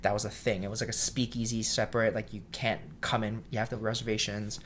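A man who works as a cook, telling a story in a casual interview. He acts out the voices in his story, sometimes loudly, and calls himself shy. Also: fairly low pitch, level tone, fast talker, a little hiss or hum. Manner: self-described shy.

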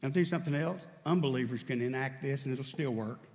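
A man's voice: medium pitch, fast talker, a little mellow, in a large hall. A male pastor preaching a sermon, telling stories and acting out bits of dialogue. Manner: storytelling preacher, acts out dialogue with raised voice. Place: church sanctuary.

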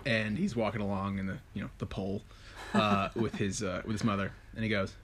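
A man's voice: fairly low pitch, little pitch movement, a little fast, fairly bright tone. A man hosting a podcast, playful and rambling, laughing often as he chats with his guest. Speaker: podcast host. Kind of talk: casual chat.

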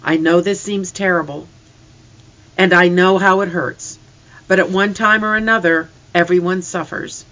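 A reader voicing a gentle, tender farm mother. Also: medium pitch, steady tone, normal speed, natural voice. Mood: soothing. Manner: soft, comforting. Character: gentle rural mother, middle-aged, tender and patient. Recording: slightly distant, dull lo-fi.

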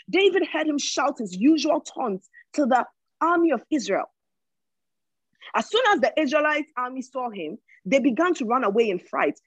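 A woman delivers sermon-style Bible teaching, reading passages aloud and then driving home their meaning with emphasis. Her voice sits a little high and carries a husky, breathy edge. The recording is dry and close, with no room sound. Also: no room sound, poor audio. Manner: emphatic, reads scripture and explains it, repeats words while thinking.

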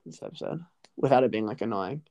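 A man's voice: medium pitch, lively intonation, fast talker, creaky, darkish tone, no echo. A young man co-hosting a podcast, chatting casually about sports in a joking, self-deprecating way. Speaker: podcast co-host.

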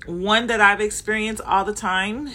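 A woman's voice: medium pitch, steady tone, measured pace, pushed and bright. A woman from Compton with a Southern Californian accent, explaining things in a casual, conversational way, with frequent fillers and self-corrections. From Compton, Los Angeles, United States. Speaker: manager sharing workplace experiences.

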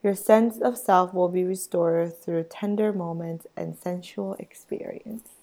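Raspy-voiced woman, sick and chatty. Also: on the low side, fairly even intonation, unhurried, warm tone. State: sick, hoarse voice. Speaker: podcast co-host. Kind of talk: casual chat.

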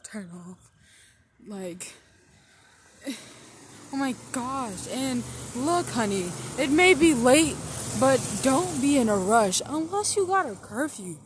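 A woman talks slowly in loose, slangy commentary, stretching words for emphasis. Her voice sits a little high and her delivery is blunt and profane. Faint outdoor noise hums behind her. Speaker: podcast host. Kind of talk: casual rambling commentary.

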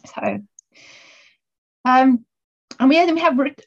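A woman's voice: high voice, slow, highs cut off. A woman explaining astrology in a casual podcast chat, full of fillers and restarts.

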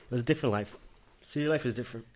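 This young man from Miami, host of a casual podcast, talks very fast in a medium-pitched, slightly mellow voice. He recounts street stories full of profanity and plays out the characters' lines.

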